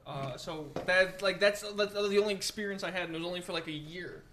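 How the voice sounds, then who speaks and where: A man on a casual podcast chat, telling stories in an animated way, laughing and swearing easily. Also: high voice, a little fast, slight background noise.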